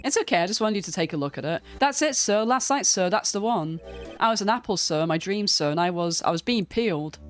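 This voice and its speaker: A woman voicing a nervous, dramatic young male patrolman in a game read-through, with a high whiny voice that ends every line with sir. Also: expressive, fairly quick, faint music behind, close to an everyday voice. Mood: jittery dramatic.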